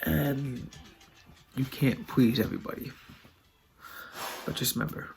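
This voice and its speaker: A man's voice: mid-range voice, steady tone, unhurried, gravelly. A man speaking in an earnest, heartfelt and loosely rambling way in a casual video monologue. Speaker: vlogger.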